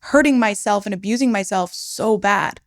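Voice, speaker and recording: As a podcast guest, a young startup founder tells her personal story, reliving it frankly and swearing freely. She speaks in a mid-range voice at a moderate pace.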